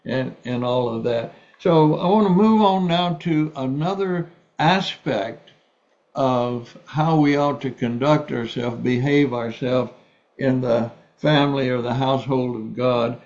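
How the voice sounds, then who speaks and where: A man's voice: medium pitch, a little slow, darkish tone. A man preaching a sermon, earnest, often repeating words as he restarts. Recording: dull lo-fi sound.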